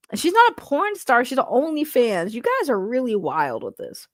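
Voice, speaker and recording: A woman's voice: a little high, very animated, moderate pace, hardly any pauses, dry recording, studio quality. A woman doing casual, comedic commentary, giggling often between remarks. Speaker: commentary YouTuber.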